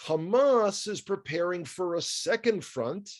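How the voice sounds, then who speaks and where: New York male commentator, slightly high voice, wry conversational delivery with asides. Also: unhurried. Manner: wry, animated, asides and rhetorical questions.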